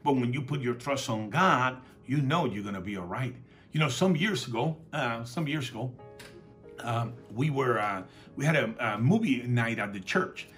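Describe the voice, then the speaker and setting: A man preaching a sermon in a relaxed, conversational way, telling stories and acting out the dialogue. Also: medium pitch, normal speed, faint music behind. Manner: calls for audience responses. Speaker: pastor.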